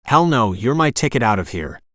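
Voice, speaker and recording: A man's voice: medium pitch, sing-song, fairly quick, a bit bright, no room sound, studio quality. Cornered violent male captor, read by an AI narrator, harsh and profane. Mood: threatening. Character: desperate cornered male sketch artist, vicious.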